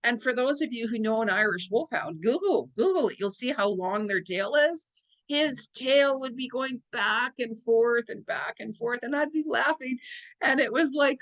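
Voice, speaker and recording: A woman's voice: high voice, moderate pace, a bit bright, poor audio. A woman psychic medium talking casually to her viewers, rambling and chatty, and laughing often. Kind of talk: casual astrology vlog monologue.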